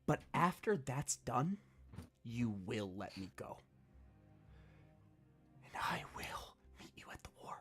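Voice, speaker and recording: A man voicing a bitter, vengeful female ghost warlock who swings from hushed whispers to snarls. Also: very deep voice, big pitch swings, takes it slowly, faint music behind, exaggerated voice. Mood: menacing.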